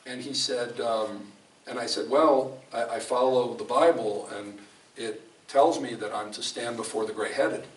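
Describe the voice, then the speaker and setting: A man's voice: mid-range voice, a little slow. Man preaching in an echoey hall. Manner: emphatic, storytelling, with frequent restarts. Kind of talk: conversational sermon. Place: fellowship hall. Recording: echoey hall from a distant mic, faint room noise.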